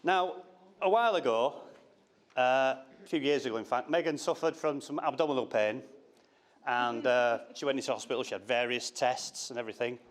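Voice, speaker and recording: A man's voice: medium pitch, moderate pace. A middle-aged man giving a father-of-the-bride speech from notes, teasing and breaking off with asides. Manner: jokey, teasing, self-interrupting. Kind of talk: wedding speech read from notes.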